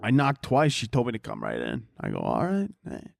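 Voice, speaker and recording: A man's voice: mid-range voice, wildly swooping pitch, a little fast, creaky, no room sound, clean studio sound, heavily acted. A man voicing a foul-mouthed older Santa Claus with a Brooklyn accent, brash and boastful. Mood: crude bragging.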